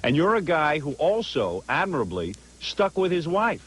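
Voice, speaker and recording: A man hosting a radio talk show in casual, teasing, rapid-fire banter. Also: a little high, very animated, a bit bright, breathy edge, rough recording. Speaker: radio host.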